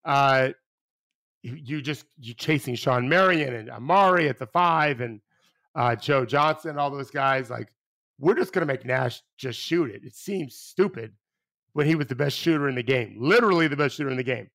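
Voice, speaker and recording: Here the former basketball coach sounds mid-range and moves at a moderate pace. His podcast talk is casual, lively and rambling, full of restarted sentences and easygoing swearing.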